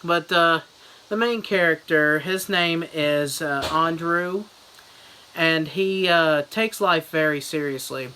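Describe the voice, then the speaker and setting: A man's voice: fairly high pitch, takes it slowly, sharp tone, slight background noise, low-quality recording. A man giving a goofy, rambling mock book review as a comedy vlogger.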